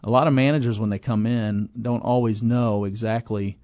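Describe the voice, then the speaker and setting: A man's voice: fairly low pitch, fairly even intonation, moderate pace, darkish tone, no room sound, studio quality. A middle-aged man being interviewed, telling a long, rambling story about his business, with restarts and acted-out quotes. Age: 20s in 1997, now middle-aged. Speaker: guest, apartment property owner.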